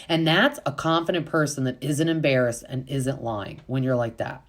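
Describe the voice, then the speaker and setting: A woman hosting a podcast, giving an opinionated, chatty recap of reality TV with lots of "like" fillers and quick acted-out quotes. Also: very deep voice. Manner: acts out quotes in quick voices. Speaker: podcast host.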